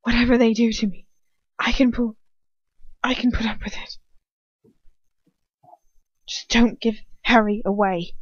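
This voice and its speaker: A brave, defiant young wizard who shouts his warnings at full force, as a woman reader acts him out, so the voice pushes high. The recording is dry and dull, with a lo-fi home sound. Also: fairly even intonation, measured pace, long pauses, no room sound. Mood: urgent.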